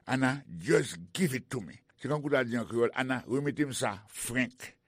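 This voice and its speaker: A man with a Haitian accent teaching English in a slow, deliberate way and spelling out words. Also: mid-range voice, animated, breathy edge, no room sound, clean studio sound. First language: Haitian Creole. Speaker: language teacher. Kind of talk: bilingual radio language lesson.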